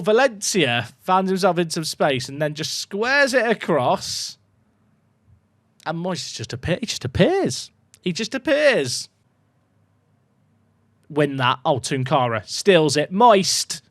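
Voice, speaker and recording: A young man commentating his own football management game at home, chatty and excitable, shouting when goals go in. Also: on the high side, unhurried, no room sound, studio quality. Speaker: gaming YouTuber. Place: home room.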